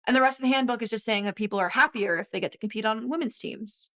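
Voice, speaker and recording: A woman in her twenties, a guest and former college swimmer, telling a story in animated casual conversation with quick asides. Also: fairly high pitch. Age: 20s.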